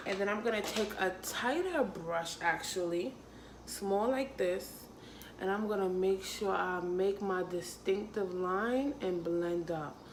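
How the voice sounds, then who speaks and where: A woman's voice: medium pitch, noisy background. A young adult woman and makeup artist talking through a casual makeup tutorial, sassy and playful, calling her viewers honey and sis and laughing often. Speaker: makeup artist and beauty vlogger. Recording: echoey room.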